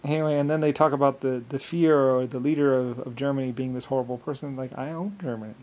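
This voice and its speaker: A man telling a rambling, boastful story, halting often with fillers and restarts. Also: mid-range voice, steady tone, mellow. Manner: boastful, grandiose. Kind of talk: rambling monologue.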